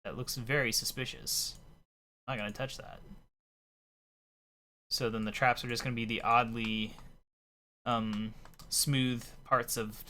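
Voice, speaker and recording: A man giving casual, thinking-aloud commentary as he plays a game, his voice a little hoarse. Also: mid-range voice, a little slow, long pauses, a little hiss or hum. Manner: relaxed, thinking aloud while playing. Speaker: let's play commentator.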